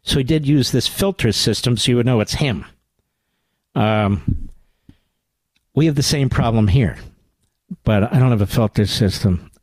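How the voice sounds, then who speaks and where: A man's voice: medium pitch, unhurried, long pauses, a little mellow, dry recording. A man hosting a radio talk show, giving combative political commentary, sarcastic and indignant, often climbing into pointed rhetorical questions on a studio mic.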